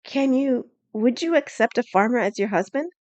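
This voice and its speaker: A woman voicing a humble young male farmer in an audiobook, speaking softly and sincerely. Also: a little high, animated, moderate pace, no echo, muffled recording, lightly acted. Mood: tender.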